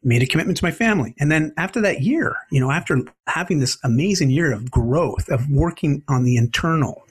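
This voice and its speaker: Man, 40s, husky voice, animated, lively pitch, interview guest. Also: fairly quick. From Canada. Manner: animated, expressive storyteller. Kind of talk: conversational interview storytelling.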